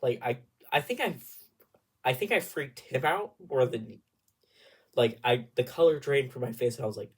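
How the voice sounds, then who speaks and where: Breathy young man telling a rambling story. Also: mid-range voice, normal speed. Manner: rambling, animated, drops into whispers for asides. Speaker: vlogger. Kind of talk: casual storytelling vlog.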